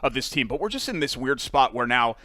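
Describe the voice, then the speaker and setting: A man's voice: medium pitch, very animated, a little fast, bright, forceful tone, dry recording. A man co-hosting a sports talk show, chatting casually and animatedly, often stumbling and restarting. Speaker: sports radio co-host.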